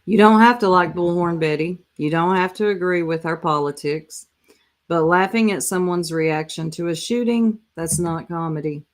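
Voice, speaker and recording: A woman with a lowish voice hosts a casual live reaction stream at a moderate pace, chatting away and speaking straight to her viewers.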